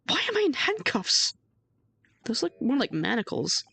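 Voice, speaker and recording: A woman's voice: a little high, huge pitch swings, normal speed, creaky, bright, forceful tone, breathy edge. A woman streamer giving playful, chatty commentary while playing a game. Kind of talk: let's play commentary.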